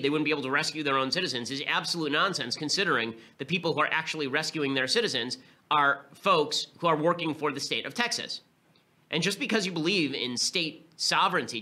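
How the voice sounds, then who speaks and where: A man hosting a political podcast, delivering a rapid, emphatic and scornful commentary monologue. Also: fairly high pitch, sharp tone. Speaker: podcast host.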